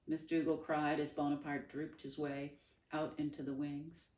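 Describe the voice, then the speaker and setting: A woman reading a novel aloud in a calm, measured way. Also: low voice. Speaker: storyteller. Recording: roomy, distant mic.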